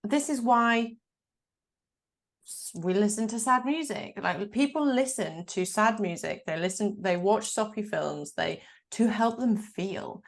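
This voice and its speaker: A woman's voice: mid-range voice, measured pace. A woman hosting a podcast, chatting in an earnest, reflective way and laughing easily. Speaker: podcast host. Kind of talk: casual interview chat.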